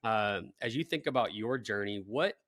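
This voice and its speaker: Male host, low voice, curious and halting, dry close sound. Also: a bit bright, no room sound. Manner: curious, halting, with many fillers. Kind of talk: interview questions.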